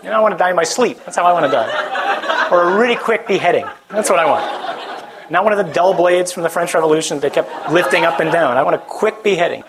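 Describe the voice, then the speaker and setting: A priest preaching a conversational sermon to a live audience, joking and putting questions to the listeners. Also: male voice, high-pitched, fast talker, background noise.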